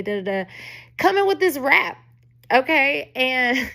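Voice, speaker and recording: A woman's voice: high-pitched, slow, sharp tone. A woman in her forties, a podcast host chatting in a casual storytelling monologue, emphatic and often laughing. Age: 40s.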